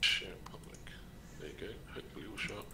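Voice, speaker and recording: A man's voice: brisk, in a whisper. A man playing alongside the streamer, chatting casually and jokingly putting on a posh voice. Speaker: fellow player on the stream. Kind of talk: casual gameplay chat. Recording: noisy game sound behind the voice.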